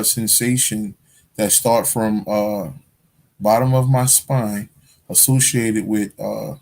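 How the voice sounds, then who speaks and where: A man's voice: medium pitch, creaky, darkish tone. A man hosting a casual livestream, answering viewer questions in loose, profane street slang, repeating phrases as he goes. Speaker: spiritual livestream host.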